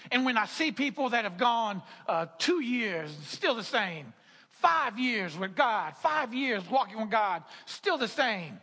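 High-voiced preacher in a reverberant hall. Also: male voice, big pitch swings, a little slow, sharp tone. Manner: repetitive, stammering restarts, laughing asides. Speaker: pastor. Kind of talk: sermon.

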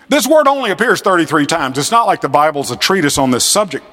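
A man giving a classroom lecture on scripture, animated and fond of acting out the voices he quotes. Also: a little high, fairly quick, in a large hall. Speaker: seminary lecturer.

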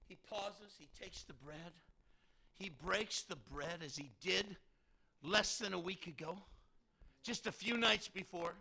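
A man preaching a sermon, telling a story dramatically and acting out the people in it, sometimes shouting. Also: high voice, measured pace, vocal fry. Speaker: pastor.

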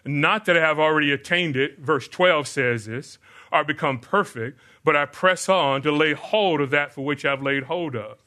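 An older man delivers a sermon to his congregation. His voice is bright and forceful, sitting a little high. He keeps asking rhetorical questions and then answers them himself. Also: moderate pace. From United States. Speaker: pastor.

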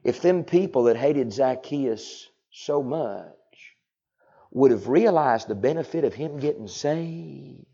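A man preaching a sermon in a folksy way, dropping to hushed tones and rising to loud cries. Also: mid-range voice, animated, takes it slowly, vocal fry, breathy edge, muffled recording. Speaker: pastor.

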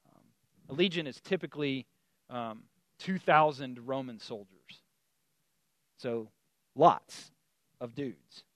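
A man preaching a sermon in a conversational, animated storytelling way, with many fillers and restarts. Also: medium pitch, takes it slowly, pauses often, no room sound. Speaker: pastor.

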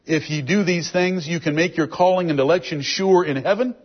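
A man's voice: a little high, brisk. A man giving a verse-by-verse Bible teaching, reading out scripture verses and explaining them with emphasis. It is a dull, lo-fi recording.

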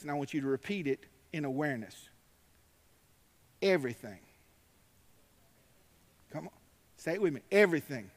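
A man preaching a sermon, emphatic and swinging between loud declarations and quiet asides. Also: fairly high pitch. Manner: emphatic, rising to shouts, drawling asides. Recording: long hall reverb.

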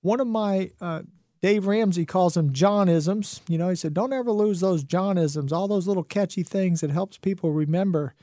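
A man's voice: high voice, normal speed, dark tone, dry recording. A middle-aged man hosting a health and wellness radio talk show, folksy and preachy, full of rhetorical questions.

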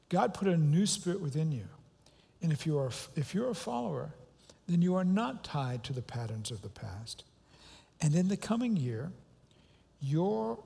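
A man's voice: on the high side, vocal fry, darkish tone, slightly rough. A pastor preaching a sermon to his congregation and leading them in reciting scripture line by line. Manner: leads congregation in call-and-response recitation. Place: large church auditorium. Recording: long hall reverb with faint music.

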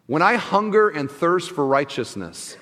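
A male pastor preaching in a loose, conversational way, turning often to his listeners with questions and restarting his sentences. His voice sits slightly high for a man. The sound trails off into the long reverb of a big church sanctuary. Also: sing-song, measured pace, fairly bright tone. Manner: conversational, asks the audience questions, many restarts. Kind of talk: sermon.

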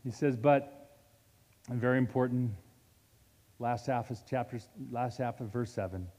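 A man preaching a sermon as a pastor, with dynamic delivery that swings from loud emphasis to hushed, slow moments. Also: mid-range voice, fairly even intonation, long reverb tail.

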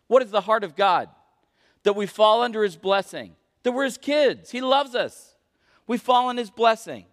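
A man's voice: high-pitched, moderate pace, a bit bright. A young adult man preaching a sermon as a pastor, earnest and emphatic. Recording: echoey hall.

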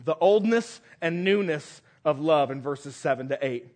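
A man's voice: on the high side, animated, unhurried, darkish tone. A male pastor preaching a sermon, reading scripture aloud with earnest, rising emphasis.

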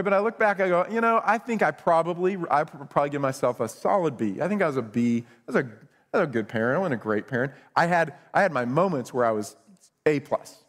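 A man's voice: mid-range voice, big-room sound. A middle-aged male pastor preaching a conversational sermon with self-deprecating humor.

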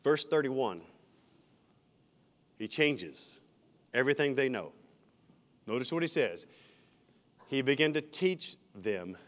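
A man's voice: mid-range voice, expressive, slow pace, long pauses, a bit bright. A man, a senior pastor, preaching an expository sermon verse by verse, with friendly asides to the congregation. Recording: reverberant church hall.

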